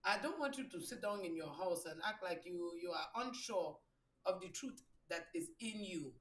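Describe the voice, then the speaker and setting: A woman's voice: lowish voice, expressive, moderate pace. A woman hosting a live stream as a spiritual reader, giving a blunt, profane motivational talk and repeating phrases for emphasis. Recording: roomy echo.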